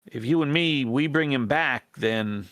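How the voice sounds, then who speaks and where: A man plays an earnest female rat rebel who asks a band of strangers for help, her folksy speech halting and full of false starts. Her voice sits at an ordinary pitch and is recorded dry and close, with no room sound. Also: fairly bright tone, no echo, close to an everyday voice. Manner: halting, hesitant, folksy drawl with many restarts. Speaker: game master. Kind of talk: in-character role-play in a tabletop game.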